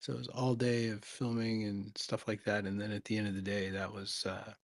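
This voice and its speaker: A man's voice: fairly low pitch, little pitch movement, fairly quick, dry recording. A man, an actor hosting a casual live chat, rambling and laughing often, tired after a long day. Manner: laid-back, rambling, laughs often, swears. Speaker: actor and host.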